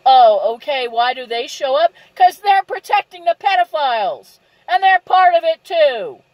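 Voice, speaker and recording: Angry high-voiced woman ranting. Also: big pitch swings, normal speed, no echo, muffled recording. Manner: indignant, repeats "okay?" and asks rhetorical questions. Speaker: vlogger. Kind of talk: angry direct-to-camera rant.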